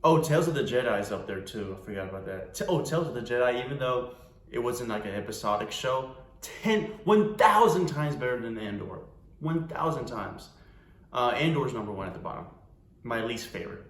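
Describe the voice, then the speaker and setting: A man's voice: mid-range voice, animated, a little fast, echoey room. A man talking casually in a vlog at home, rambling and exasperated, restarting sentences and tacking "man" onto complaints. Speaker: vlogger reviewing a TV show. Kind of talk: casual unscripted vlog rant. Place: room at home with a cat nearby.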